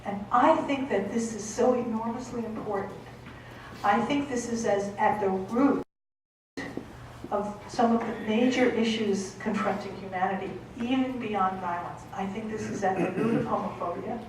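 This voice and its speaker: With a Boston accent and a medium-pitched voice, a woman gives a conference lecture at a moderate pace, emphatic and often pausing to say "okay?" She's recorded from a distance in an echoey hall, with slight background noise.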